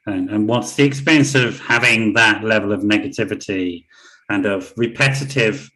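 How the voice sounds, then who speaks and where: A man hosting an interview, asking measured, reflective questions. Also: lowish voice, bright, forceful tone. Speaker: host. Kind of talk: conversational interview.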